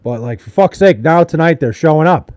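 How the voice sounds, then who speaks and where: A man's voice: a little high, lively intonation, brisk, a little mellow. A young man chatting casually on a live stream, joking and swearing loosely with his chat while sounding tired. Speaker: livestreamer. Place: at home in Wisconsin.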